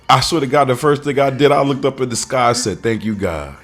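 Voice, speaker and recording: A man spins a personal story on a podcast. His voice sits mid-pitch, and he acts out the other voices in the story as he talks, with plenty of swearing. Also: brisk, soft background music. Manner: animated storyteller acting out dialogue, swears freely. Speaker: stand-up comedian, guest.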